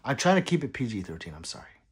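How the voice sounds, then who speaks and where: A man's voice: on the low side, sing-song, fast, slightly rough. A man hosting a casual livestream, reading viewer comments aloud in a rambling, apologetic way and muttering between them. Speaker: gun channel livestream host.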